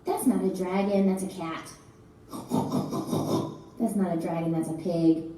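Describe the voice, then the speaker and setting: A woman's voice: fairly low pitch, steady tone, unhurried, warm tone, a little hiss or hum. A woman, a children's librarian, leading a playful, half-sung action chant for children. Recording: echoey room from far off, guitar music.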